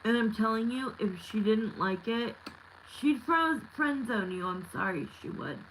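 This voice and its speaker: A woman's voice: mid-range voice, moderate pace, slight background noise, poor audio. A woman in her thirties giving a live tarot reading, talking candidly and bluntly with lots of fillers. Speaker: tarot reader.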